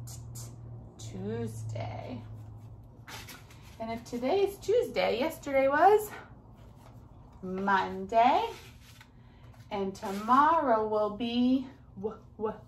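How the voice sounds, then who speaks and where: Slow, sing-song preschool teacher woman. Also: a little high, a little hiss or hum. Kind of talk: recorded video circle time for young children.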